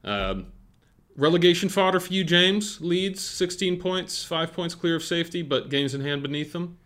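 A man's voice: on the high side, animated, normal speed, fairly bright tone, a little hiss or hum. A young man in his everyday voice co-hosts a loose sports conversation. He talks animatedly, often restarting his sentences before tossing a question to his partner. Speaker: podcast co-host. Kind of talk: casual sports chat.

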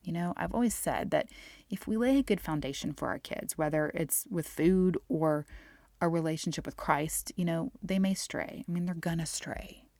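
A middle-aged woman, a Christian nutritionist, talking candidly on her podcast, often dropping to soft near-whispers. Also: sits low, moderate pace, gravelly, dry recording. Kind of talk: casual faith-based podcast monologue.

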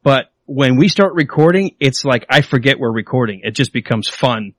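A man hosting a podcast in casual chat, playful and quick to laugh, often slipping into silly voices. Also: medium pitch, expressive, no room sound. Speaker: podcast host.

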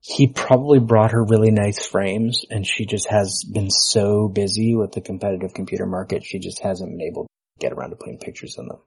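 A male podcast host with a lowish, husky voice, chatting casually. He trades dry, playful jokes in an easygoing way. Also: steady tone, brisk, rough recording.

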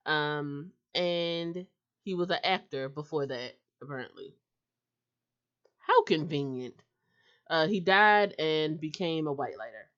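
Casual podcast co-host, woman, lowish bright voice, slightly muffled recording. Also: animated, a little slow, clear, resonant tone. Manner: steers the talk with questions. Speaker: podcast co-host leading the discussion.

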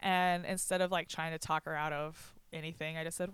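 A woman's voice: low-pitched, level tone, a little fast, a bit bright, clear, resonant tone, no echo. A woman telling stories in a casual chat, laughing often and acting out what others said.

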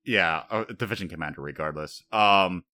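A man with a somewhat low voice talks through a story in a loose, rambling way. He keeps drifting into quoted lines as he retells scenes, and the whole thing sounds like a relaxed podcast chat between friends. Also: normal speed. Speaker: podcast co-host. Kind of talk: casual anime discussion.

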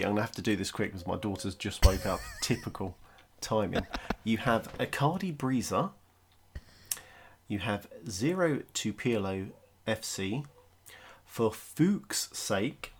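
A man from the United Kingdom co-hosting a casual podcast, explaining briskly with light chuckles. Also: on the low side, slight background noise. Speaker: podcast co-host.

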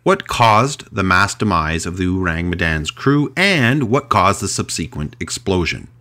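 A man hosting a podcast, telling a mystery story in a casual, chatty way with animated delivery and frequent restarts. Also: sits low, unhurried. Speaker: podcast host.

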